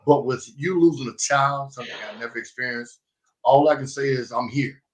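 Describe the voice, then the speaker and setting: A man hosting a casual podcast, telling stories animatedly and turning earnest when he consoles a friend. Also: medium pitch. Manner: animated storyteller, bursts into loud laughter, turns slow and earnest when consoling. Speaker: podcast host. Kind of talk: casual chat.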